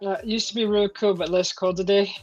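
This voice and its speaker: A chatty woman hosting a livestream from home, reading out viewer comments and rambling with plenty of "uh" fillers. Her voice sits in a middle pitch, and the sound is dry and a little dull and lo-fi. Faint music plays under her talk. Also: fairly even intonation, brisk, no echo. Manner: chatty, rambling, many "uh" fillers, laughs often. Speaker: livestream host.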